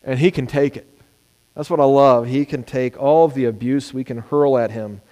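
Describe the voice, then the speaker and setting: A man preaching a sermon, animated, sometimes acting out the words of people he quotes. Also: medium pitch, moderate pace. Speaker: pastor. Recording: long hall reverb.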